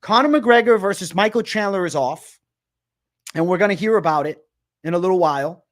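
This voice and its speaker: An agitated young man on a livestream, talking in a high voice. He keeps repeating himself and swears a lot, calling his viewers bro. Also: a little fast. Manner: excited, repetitive, swearing, addresses viewers as bro. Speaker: livestream host. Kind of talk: livestream commentary.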